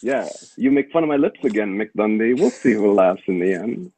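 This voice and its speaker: A man voicing a menacing male movie villain who makes slow, gloating threats. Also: on the low side, expressive, a little mellow, husky. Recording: tinny phone-like line, dry.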